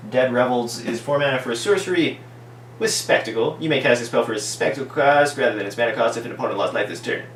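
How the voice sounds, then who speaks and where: A man's voice: mid-range voice, fast. A man reviewing trading cards in a casual, ironic way, reading out card text and heaping mock praise on every card. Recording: echoey room, distant mic, faint hum.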